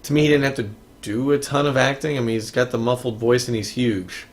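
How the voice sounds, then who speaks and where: A man's voice: mid-range voice, fairly even intonation, fairly quick. A man co-hosting a podcast, chatting casually about movies with frequent restarts and fillers. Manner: rambling, many restarts and fillers. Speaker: podcast co-host. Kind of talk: casual movie review chat.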